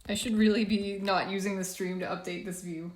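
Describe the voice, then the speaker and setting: A woman's voice: medium pitch, fairly even intonation, fairly quick, reverberant. A woman chatting casually on a live stream from a laundry room, a bit congested and sniffly, nervous and self-deprecating.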